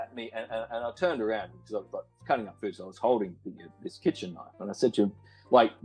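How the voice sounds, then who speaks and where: A man tells his story down the line, his voice low and slightly breathy. He falters and repeats himself, breaking into wry laughter at dark moments. Soft music sits faintly underneath. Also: poor audio. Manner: halting, repeats words, laughs wryly. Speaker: caller. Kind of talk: casual storytelling on a call.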